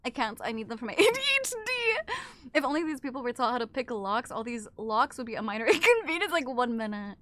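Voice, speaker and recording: Young woman, game streamer, high lively voice, bright tone, excitable, swears a lot. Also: fairly quick. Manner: excitable, swears often, screams and laughs. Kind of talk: casual gameplay chat with chat.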